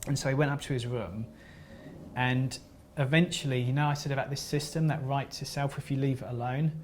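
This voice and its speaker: A man speaks at a weekend seminar, sharing a story in an earnest, unpolished way. He often trips over his words and starts again, and he apologises gently when a point sounds sentimental. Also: mid-range voice, steady tone, slight background noise. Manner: earnest, halting, with frequent restarts.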